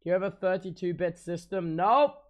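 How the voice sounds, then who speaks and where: A man's voice: sits high, fairly quick, lo-fi sound. A young man chatting on a livestream. He swears a lot, rants about tech trouble and repeats himself as he talks. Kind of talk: casual stream chat.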